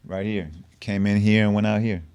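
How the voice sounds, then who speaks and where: A man's voice: fairly low pitch, flat delivery, normal speed, darkish tone, smooth, dry recording. A middle-aged man telling a story on a podcast, casual and profane with street slang. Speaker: podcast guest.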